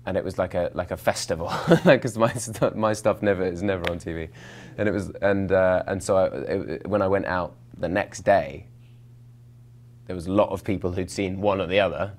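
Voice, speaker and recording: A young actor with a notably low voice, chatting through interview questions. He rambles, restarts his sentences and pokes fun at himself, with plenty of fillers along the way. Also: steady tone, normal speed, darkish tone. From England, London. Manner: rambling, self-mocking, many fillers and restarts. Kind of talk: casual interview answers.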